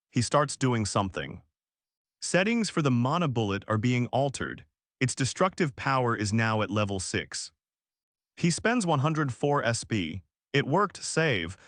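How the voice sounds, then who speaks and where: Male narrator for a story recap, lively intonation, dry close sound, poses dramatic questions. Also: medium pitch, no room sound. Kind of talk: scripted narration.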